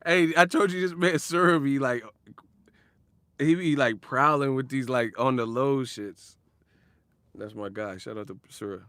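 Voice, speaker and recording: A man's voice: mid-range voice, measured pace, a bit bright, smooth, no echo. A young man ranting in slang for a casual boxing vlog, swearing and laughing as he talks. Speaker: boxing commentary vlogger. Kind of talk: casual rant.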